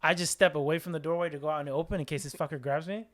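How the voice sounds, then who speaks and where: A man hosts a casual podcast and tells a story with plenty of energy. His voice sits a little high for a man. He laughs often as he talks. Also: steady tone, racing, fairly bright tone. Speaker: podcast host.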